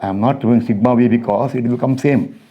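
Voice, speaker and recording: A man's voice: mid-range voice, fairly even intonation, slightly rough. A man teaching structural engineering in a classroom lecture, working through calculations aloud step by step and checking in with his students. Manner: addresses students directly with quick checks. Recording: dull lo-fi recording.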